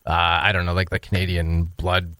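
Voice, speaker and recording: A man's voice: low voice, completely flat delivery, moderate pace, noisy background. A man co-hosting a morning radio show, chiming in with dry quips and short replies. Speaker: radio co-host. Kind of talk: casual banter.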